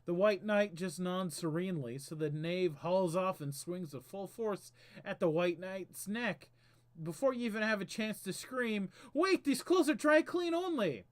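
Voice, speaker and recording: A man's voice: high-pitched, a little slow. A man hosting a casual game stream, chatting and reading game text aloud with small stumbles. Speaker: streamer host.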